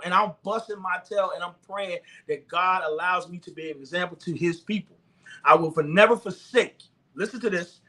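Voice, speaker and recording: High voiced preacher guy, fervent and repetitive, bright tone. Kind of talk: sermon-style talk to the camera.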